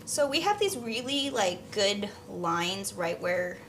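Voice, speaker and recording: A woman co-hosting a casual maker livestream, upbeat and quick to laugh while she paints. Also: medium pitch, very animated, fairly bright tone, a little hiss or hum. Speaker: livestream co-host.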